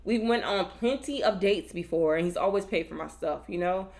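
Animated woman telling a dating story. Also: brisk. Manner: animated, acts out quotes with big pitch jumps. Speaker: podcast co-host. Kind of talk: casual storytelling chat.

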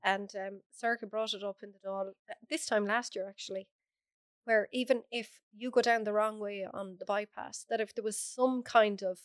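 An Irish woman with a hoarse, bunged-up voice, talking openly and bluntly as an interview guest. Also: medium pitch, steady tone, moderate pace, no echo, studio quality. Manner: frank, chatty, laughs often. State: hoarse from a cold. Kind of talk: casual interview chat.

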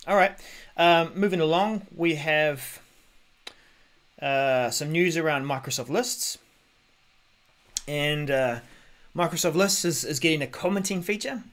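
Into a desk mic, a male podcast host offers easygoing, casual tech news commentary in a fairly high, slightly bright voice. He's a little slow and pauses often, chatty and loose, thinking aloud with many ums and restarts.

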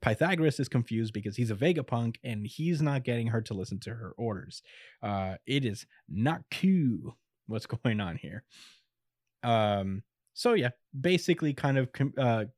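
A man's voice: medium pitch, expressive, normal speed, a little mellow, no room sound, studio quality. A man in casual chat recapping an anime episode, laid-back and chuckly, with lots of fillers.

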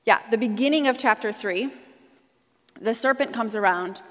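A woman's voice: fairly high pitch, moderate pace. A woman pastor preaching a sermon in a conversational, storytelling way, in a church sanctuary. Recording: long hall reverb.

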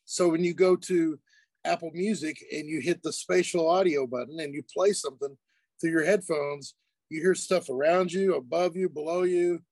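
A man's voice: fairly high pitch, normal speed, no room sound. A man, a music producer and engineer, talking casually as a guest from his studio, with easy laughs and many restarts. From United States. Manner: relaxed, chatty, laughs easily, many fillers and restarts. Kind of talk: casual interview chat.

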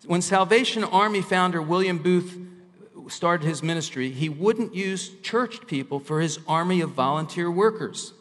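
A man preaching a sermon, slowing down and pressing hard on the lines he wants to land. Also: sits high, fairly bright tone. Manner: emphatic, slows down to stress key lines. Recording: hall reverb.

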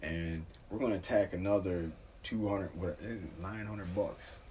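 A man telling a long story in casual chat, profane and animated, loudly acting out the other people in it. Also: low-pitched, measured pace, recorded from a distance, slight background noise.

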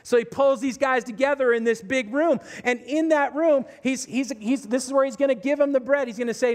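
A man's voice: extremely high pitch, fairly quick, hardly any pauses, a little mellow. A man preaching a sermon, retelling a story vividly and speaking directly to his listeners. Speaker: pastor. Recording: long reverb of a large hall.

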